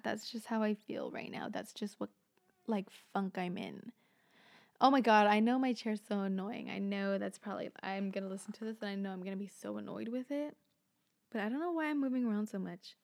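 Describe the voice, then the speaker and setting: A woman's voice: mid-range voice, normal speed, vocal fry. A young woman hosting a solo podcast, rambling casually with lots of fillers and swearing. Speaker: podcast host.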